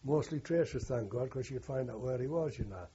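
A man's voice: medium pitch, animated, fairly quick, warm tone, breathy edge, dull audio. An older man, recalling his wartime experience in a rambling, earthy way and correcting himself as he goes. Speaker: war veteran interviewee. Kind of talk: oral history recollection.

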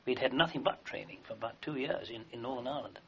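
A man's voice: medium pitch, fast talker, bright, forceful tone, slight background noise. An older man, an army veteran, telling long wartime anecdotes in a rambling way with fillers and restarts, in a dull lo-fi recording. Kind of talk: oral history recollection.

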